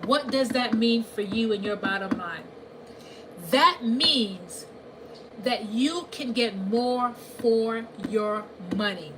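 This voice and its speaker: Brief: woman money coach, higher voice, animated, faint noise behind. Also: takes it slowly. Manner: animated, repeats herself, asks listeners if they hear her. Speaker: financial coach. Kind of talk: live coaching session.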